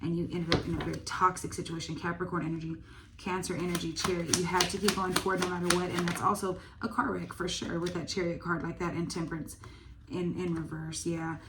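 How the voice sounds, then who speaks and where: A woman's voice: lowish voice, flat delivery, brisk, very noisy. A woman giving a casual tarot reading, thinking aloud with lots of fillers and the odd swear word. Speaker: tarot reader.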